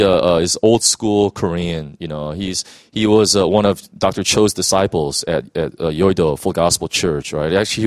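A man's voice: sits low, no echo. A man who is a pastor telling an emotional personal testimony in earnest conversation, full of restarts and "you know"s.

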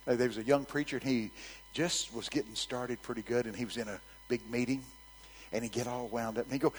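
A man's voice: mid-range voice, a little fast, husky, in a large hall, rough recording. A man preaching a sermon, telling stories with animation and calling out to his congregation. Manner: animated storytelling, calls out to the congregation.

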